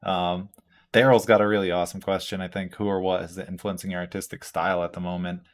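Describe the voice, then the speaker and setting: A man's voice: low voice, flat delivery, quick pace. A man hosting a tattoo podcast, talking in a laid-back, rambling way with lots of fillers and the odd swear word. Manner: reads out listener questions. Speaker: tattoo artist and podcast host. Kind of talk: casual chat.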